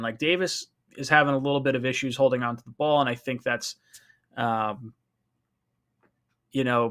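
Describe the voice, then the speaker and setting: Animated man hosting a fan live stream. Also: medium pitch. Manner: animated, rambling, many restarts and "like". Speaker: host of a fan call-in stream. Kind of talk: casual live-stream commentary.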